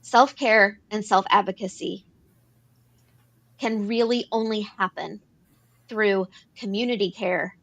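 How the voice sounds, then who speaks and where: A woman's voice: medium pitch, takes it slowly, pauses often, a bit bright. A woman co-hosting an advocacy talk show, explaining policy earnestly and repeating phrases as she works through points. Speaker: podcast co-host. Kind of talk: advocacy discussion.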